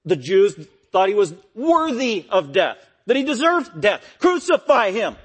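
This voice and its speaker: A man preaching an expository sermon, emphatic and repetitive, swinging from loud peaks to quiet low lines. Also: sing-song, a little slow, slightly rough. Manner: repetitive, stressing key phrases.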